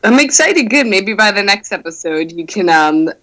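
A woman's voice: medium pitch, lively intonation, moderate pace, pushed and bright, rough recording. A woman co-hosting a podcast in casual chat, reacting with short comments and laughter. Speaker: podcast co-host.

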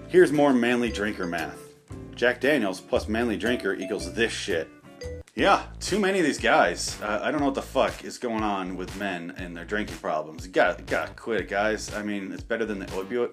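A man's voice: on the low side, animated, brisk, fairly bright tone. A sarcastic man ranting with faint music. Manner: sarcastic, profane ranting with stammered restarts. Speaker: podcast host. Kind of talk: comedic rant monologue.

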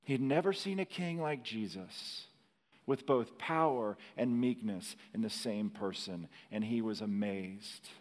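A man preaching a sermon in a slow, dramatic way, rising to emphatic peaks and dropping to hushed lines. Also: medium pitch, long reverb tail. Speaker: pastor.

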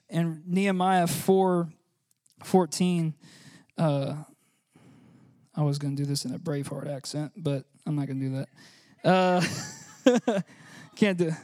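A man giving an informal, chatty sermon, laughing often and filling pauses with "uh". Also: a little high, fairly even intonation, darkish tone, no echo, studio quality. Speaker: church speaker.

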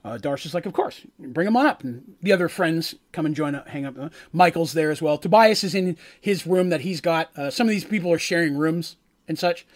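A man's voice: on the high side, a little fast. A man game master recapping a tabletop game session, rambling with many fillers and asides.

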